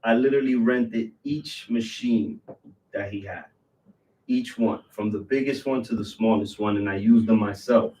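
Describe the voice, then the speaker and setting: A man's voice: lowish voice, warm tone, slight background noise. New man telling his story from a distance. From New York. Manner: storytelling, lists things off in quick runs. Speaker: business owner guest. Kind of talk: casual interview chat.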